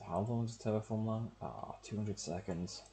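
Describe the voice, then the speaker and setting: A man's voice: lowish voice, normal speed, dark tone, a little hiss or hum. A man, casually talking to himself as he plays a game on stream. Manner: muttering thoughts to himself while playing. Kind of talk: casual gameplay commentary.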